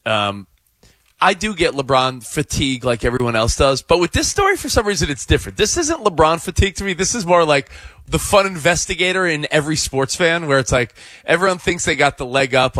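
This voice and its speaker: Man, radio co-host, chatty storyteller, a bit high-pitched, dry studio mic. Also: expressive, a little fast, bright, forceful tone, no room sound. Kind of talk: live sports radio banter. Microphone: studio microphone.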